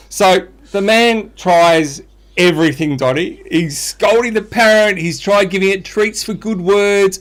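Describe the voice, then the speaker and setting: A man co-hosting a podcast, telling a dad joke with animated storytelling. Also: sits high, a little slow. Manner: animated storytelling, laughs at own jokes. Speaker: podcast co-host.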